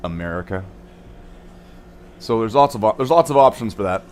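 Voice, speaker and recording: A man's voice: on the low side, expressive, normal speed, a little hiss or hum. A young man streaming from his hobby room, chatting casually and goofily as he paints miniatures, drifting off into silly repeated words. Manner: goofy and playful, sings nonsense and repeats words. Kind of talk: rambling casual livestream chat.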